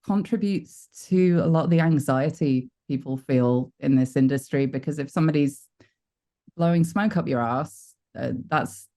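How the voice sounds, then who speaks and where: A woman's voice: deep voice, moderate pace, warm tone. Frank British woman telling stories. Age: 40s. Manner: frank, chatty storyteller who laughs at herself. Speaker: voice actor guest. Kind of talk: candid interview talk.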